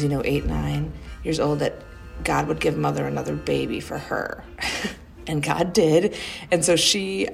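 A woman's voice: sits low, vocal fry, darkish tone, breathy edge. A middle-aged woman from Wisconsin, the youngest of five, fondly telling rambling family memories in an interview. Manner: fond, rambling storytelling with frequent fillers and restarts.

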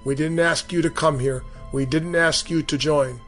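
A man voicing a harsh, menacing male Marine drill sergeant who taunts a recruit, swinging between shouted contempt and hissed whispers. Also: fairly high pitch, fairly even intonation, normal speed, soft background music, close to an everyday voice. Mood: contemptuous. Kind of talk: storytelling narration.

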